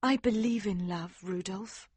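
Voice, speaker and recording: Male narrator voicing a soft-spoken storybook princess: high, breathy, earnest, dutiful. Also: unhurried, no echo. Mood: tender. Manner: earnest and gentle. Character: tender, dutiful young princess.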